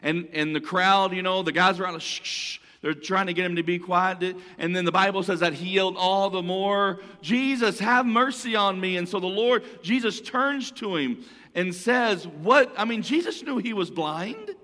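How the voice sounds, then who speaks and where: A man's voice: sits high, moderate pace, sharp tone. Preaching man in a reverberant hall. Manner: conversational preaching, repeats phrases and restarts. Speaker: pastor. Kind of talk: sermon.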